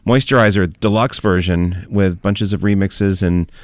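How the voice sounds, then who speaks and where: Low-voiced radio host man, hesitant. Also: fairly even intonation, measured pace, no echo. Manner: hesitant, filler-heavy, opinionated. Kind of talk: casual on-air chat. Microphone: studio mic.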